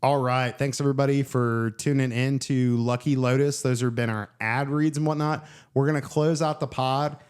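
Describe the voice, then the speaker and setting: A man's voice: medium pitch, steady tone, normal speed, few pauses, clear, resonant tone. Guy cohosting a podcast, middle voice, rambly storyteller, lots of "like". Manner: rambling, loose storytelling full of "like". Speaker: podcast co-host. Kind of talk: casual chat.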